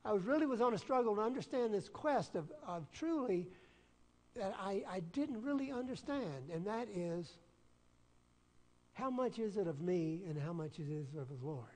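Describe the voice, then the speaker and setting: A pastor with a Southern US accent, preaching an earnest, folksy sermon and telling personal stories with self-deprecating humor. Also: male voice, high-pitched, animated, normal speed, darkish tone. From Southern United States. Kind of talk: storytelling sermon. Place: church sanctuary. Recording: long church-hall reverb.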